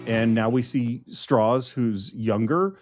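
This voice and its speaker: A man's voice: mid-range voice, slow pace, a little mellow, faint music behind. Man breaking down a film scene. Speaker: podcast co-host. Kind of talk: casual film discussion.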